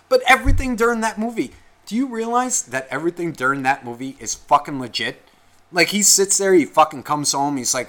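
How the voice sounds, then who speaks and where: Bright-voiced man ranting profanely on a podcast. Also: high-pitched, big pitch swings, fairly quick. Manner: profane, heated and rambling. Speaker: podcast co-host. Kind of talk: casual podcast rant.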